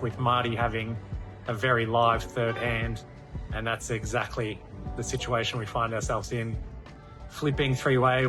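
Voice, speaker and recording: A man speaks in a flat, even tone, poking fun at his own mistake. Music plays clearly beneath him. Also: mid-range voice, rough recording. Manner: rueful, self-deprecating. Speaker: poker player recounting a hand. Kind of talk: casual recap. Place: poker tournament venue.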